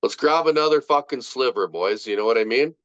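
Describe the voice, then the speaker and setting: A man's voice: mid-range voice, a little fast, fairly bright tone, no echo. Man, group leader, casual motivational talk, emphatic, repeats himself, muffled dry video call audio. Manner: emphatic, swears freely, repeats phrases. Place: online video meeting.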